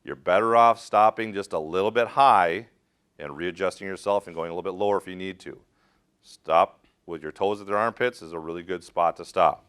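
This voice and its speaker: A man's voice: sits low, a little fast, a bit bright, clean tone. A middle-aged man teaching a rope rescue class, direct and practical, quizzing his students as he demonstrates. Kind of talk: hands-on safety training talk.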